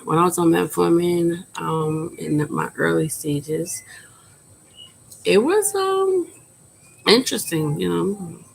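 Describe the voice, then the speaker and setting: A woman in her thirties talking frankly and at length in a personal vlog, keeping her voice quiet and subdued and rambling with many fillers. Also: fairly low pitch, expressive, takes it slowly, creaky, long pauses, a little hiss or hum, rough recording. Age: 30s. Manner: quiet, subdued speaking volume. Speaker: vlogger. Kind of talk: candid personal vlog talk.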